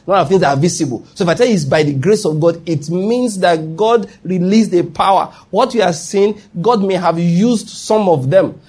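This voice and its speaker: A man's voice: a little high, darkish tone, slightly rough. A pastor with a Nigerian accent preaching a sermon, repeating his points and asking the congregation if they follow. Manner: rhetorical questions, repeats points, laughs at own stories.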